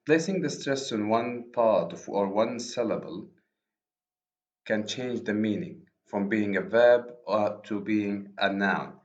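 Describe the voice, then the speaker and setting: A lower-pitched man whose first language is Arabic lectures on poetry, slowly restating each point. His voice sounds roomy and echoey. The recording is dull and lo-fi. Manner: explains slowly, repeats and rephrases himself. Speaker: university lecturer.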